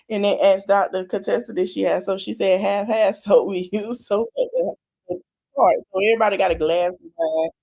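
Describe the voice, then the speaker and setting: A woman's voice: mid-range voice, normal speed. A woman hosting a podcast, casually recapping a reality show with lots of laughter and acted-out quotes. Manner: animated, laughing, acts out quotes. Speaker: podcast host.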